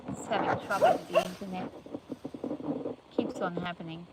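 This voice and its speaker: A woman's voice: lowish voice, wildly swooping pitch, moderate pace, very noisy. An older woman livestreaming from her farm in a chatty, rambling way, talking to viewers and scolding her animals playfully. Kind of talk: casual livestream chat. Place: outdoors on a farm.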